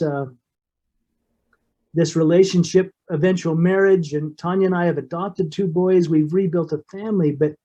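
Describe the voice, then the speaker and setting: A middle-aged man, a guest in an interview, telling a personal story in an earnest, emotional way with halting restarts. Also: a little high, dark tone.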